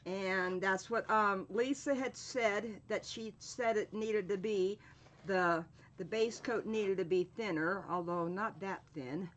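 A woman hosting a live painting stream, talking in an unhurried, drawn-out way. She chats casually, greets viewers by name and fills her pauses with "um" while she works with her hands. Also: medium pitch, a bit bright. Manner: slow, drawn-out speech with frequent fillers. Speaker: craft channel host.

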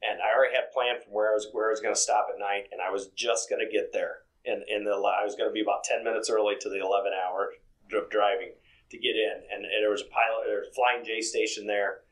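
A man's voice: on the low side, little pitch movement, fast talker, rough recording. A man who works as a truck driver, chatting casually in an interview, rambling along with lots of "you know" fillers.

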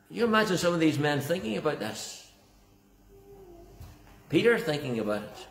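A man's voice: a little high, very animated, normal speed, gravelly, pauses often, a little hiss or hum. A man preaching a sermon as pastor, earnest and emphatic, often repeating words for stress. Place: church. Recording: echoey church hall.

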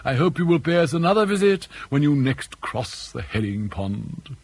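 A man's voice: on the high side, sing-song, breathy edge, voice pushed up, exaggerated voice. A man voicing an elderly English father who is dry, mischievous and mock-courteous, with an arch, ironic manner. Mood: teasing. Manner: arch, ironic, drawn-out emphasis.

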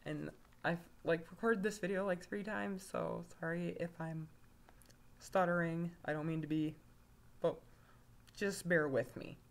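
A woman's voice: on the low side, steady tone, measured pace, gravelly. A woman giving a casual video review of a story, rambling, with lots of fillers and self-corrections. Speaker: fanfiction reviewer.

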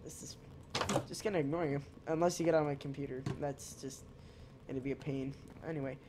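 A man's voice: fairly high pitch, fairly even intonation, brisk, background noise. A man giving casual, rambling gameplay commentary, joking to his viewers and chatting at his cat as he plays. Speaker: gaming channel host.

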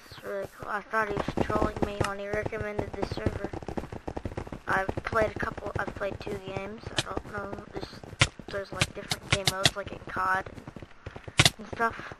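A woman giving casual commentary while playing a shooting game, excitable and prone to sudden yelps and shrieks. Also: medium pitch, normal speed, heavy background noise. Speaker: gameplay video host. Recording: loud game gunfire over voice. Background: game gunshots and clicks.

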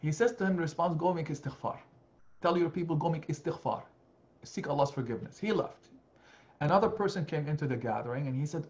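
A male imam preaches a Sunday lecture, earnest and animated, his voice a little high for a man. He often breaks off and restarts phrases as he explains. The recording sounds dull and lo-fi. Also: brisk. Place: mosque community hall.

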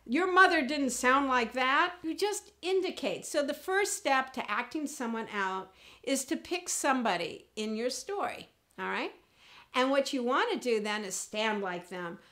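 A woman teaching comedy and public speaking in an animated, demonstrative way, acting out examples as she goes. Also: on the high side, normal speed. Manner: animated, demonstrative, jumps into character voices. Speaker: speaking coach. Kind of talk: comedy presentation lesson.

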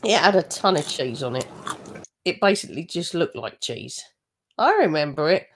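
A woman's voice: low-pitched, sing-song, moderate pace, a little hiss or hum. A woman giving mocking, gossipy commentary over a video she is reacting to. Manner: sarcastic, gossipy asides.

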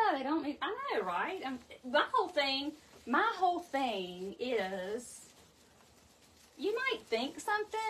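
A woman's voice: a little high, fairly bright tone, slightly rough. Chatty woman hosting a craft livestream. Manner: talkative, chats with live viewers by name. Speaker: wreath-making host. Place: home craft room.

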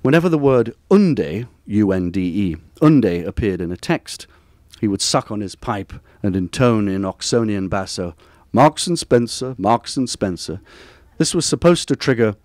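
A man, reading aloud from a personal essay at a bookstore event in a measured, wry, literary way. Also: fairly low pitch, sing-song, a little mellow, no room sound, studio quality. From Durham, northern England. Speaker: author reading from his book.

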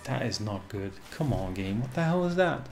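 A man's voice: medium pitch, sing-song, normal speed, creaky. A man streaming casually, chatting with viewers and reacting to the game as it plays. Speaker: casino streamer. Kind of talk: casual live-stream commentary.

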